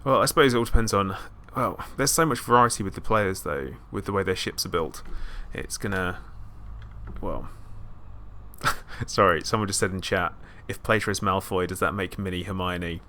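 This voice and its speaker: A man's voice: sits low, normal speed, bright, forceful tone, slight background noise. A British man hosting a casual gaming stream, chatty with frequent ums and laughs. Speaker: streamer host.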